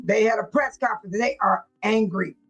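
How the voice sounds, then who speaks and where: Husky woman hosting a reaction stream. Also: medium pitch, normal speed, highs cut off, soft background music. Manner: emotional, repeats herself, talks straight to viewers. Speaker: livestream host. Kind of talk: casual reaction commentary.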